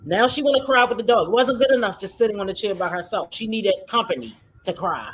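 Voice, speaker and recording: A woman's voice: medium pitch, lively intonation, fast talker, hardly any pauses, breathy edge. A woman streamer giving sarcastic, mocking reaction commentary and talking straight to her viewers. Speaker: streamer host.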